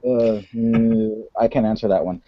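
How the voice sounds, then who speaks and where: A man's voice: on the low side, fairly even intonation, a little slow, crowd noise. A man from Ontario chatting casually on a live online show, easygoing and joking. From Ontario, Canada. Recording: dry lo-fi online call audio.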